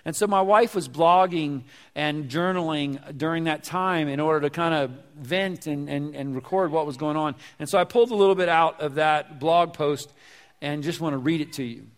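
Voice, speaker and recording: A man's voice: a little high, normal speed. A man preaching a sermon as pastor, talking conversationally, repeating words as he goes and asking the congregation questions. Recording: long hall reverb.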